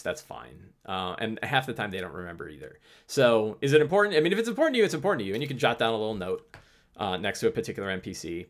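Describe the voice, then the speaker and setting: A man's voice: on the low side, fairly bright tone. A man hosting a live stream, answering chat questions in a loose, rambling way with many restarts. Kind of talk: casual livestream talk.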